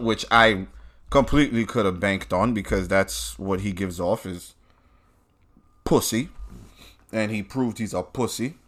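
A man's voice: on the low side, fairly bright tone. Blunt, heavily swearing New man. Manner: blunt, heated, swears constantly. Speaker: podcast host. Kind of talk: profane ranting commentary.

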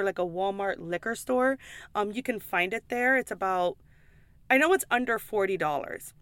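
A woman's voice: mid-range voice, fairly bright tone, clear, resonant tone, no echo. Woman, pub server, casual vlog; chatty and emphatic, swears, dry close sound. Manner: frequent "like" and "okay?" asides.

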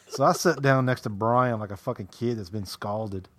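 A man with a Southern American accent, a podcast co-host telling profane stories in casual chat, jumping into loud quoted voices. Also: on the low side, brisk, few pauses, no room sound. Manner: profane, animated storytelling with loud acted quotes.

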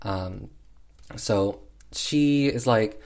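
A man's voice: mid-range voice, takes it slowly, a little mellow. A man casually recapping an old film with sassy, chatty commentary. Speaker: film reviewer.

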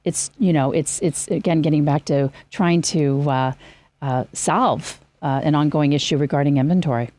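A woman, a real estate agent, chatting as a guest on a radio talk show, animated and full of restarts. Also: normal speed. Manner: animated, restarts often, lively rising pitch.

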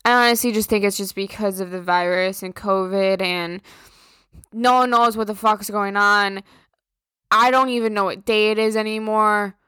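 A woman's voice: medium pitch, fairly even intonation, moderate pace, pushed and bright, clean tone, no echo, studio quality. A young woman from Minnesota hosting a podcast, telling a story in a blunt, profane, casual rant. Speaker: podcast host.

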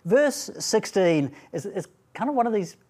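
A man giving a Bible talk at a student training event, speaking deliberately and emphatically and asking rhetorical questions. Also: high-pitched, very animated, a little mellow.

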